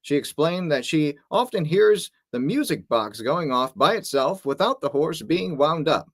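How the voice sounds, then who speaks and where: A young man co-hosting a paranormal show, reading a case file in a steady, slightly announcer-like way. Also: on the high side, unhurried, dry recording, clean studio sound. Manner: steady read-aloud, with an occasional mock announcer tone. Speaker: co-host, paranormal investigator. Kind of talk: casual podcast chat, reading a case file aloud.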